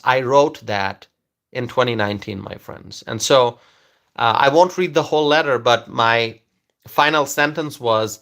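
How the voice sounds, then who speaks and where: A man's voice: medium pitch, moderate pace, sharp tone. A man giving a casual monologue to camera as a political commentator. He halts with many fillers and restarts, and repeats key phrases for emphasis.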